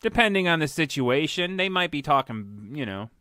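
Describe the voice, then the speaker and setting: A man's voice: on the high side, very animated, moderate pace, sharp tone, no echo, clean studio sound. A man co-hosting a casual podcast chat, teasing his co-host and narrating what she does.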